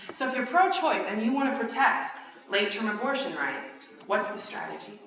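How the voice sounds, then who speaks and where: Bright-voiced woman lecturing in an echoey hall. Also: on the high side, normal speed. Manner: conversational, checks in with "okay?" and "right?" tags; lively, argues point by point. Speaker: conference speaker. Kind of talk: lecture-style presentation. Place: large university lecture hall. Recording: echoey hall, distant mic.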